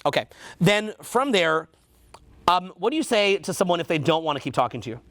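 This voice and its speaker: A man's voice: high-pitched, sing-song, fairly quick, fairly bright tone. A man with a Canadian accent teaching a seminar, quizzing the audience and repeating their answers back. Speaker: dating coach.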